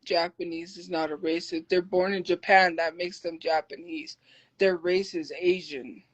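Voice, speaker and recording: A woman livestreaming who answers her chat defensively and argues back, habitually talking loud. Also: fairly low pitch, fairly even intonation, normal speed, dull audio. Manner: defensive, argumentative. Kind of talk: live stream chat replies.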